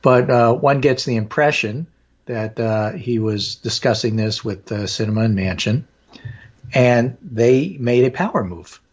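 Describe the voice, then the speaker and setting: A man hosting a political talk show with a hoarse voice, talking casually and discursively with many fillers. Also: fairly low pitch, moderate pace, dull audio. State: hoarse from allergies.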